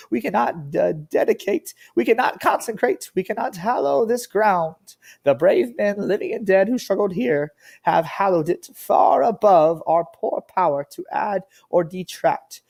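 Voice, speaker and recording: A grand 1860s statesman delivering a speech, as a man puts him on, drawing out each phrase with slow, ceremonial weight. The pitch sits high, lifted well above the performer's normal speech. The tone is dark with a gravelly edge. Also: full character voice. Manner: slow, drawn-out, declaiming oratory.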